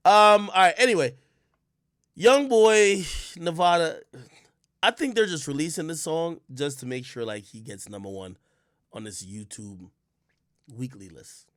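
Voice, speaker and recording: A man from Jamaica talking casually on his livestream, telling stories with loud outbursts and quiet mutters, and swearing a lot. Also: fairly high pitch, no echo, clean studio sound. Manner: animated storytelling, swings between loud outbursts and mutters; swears often. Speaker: livestream host.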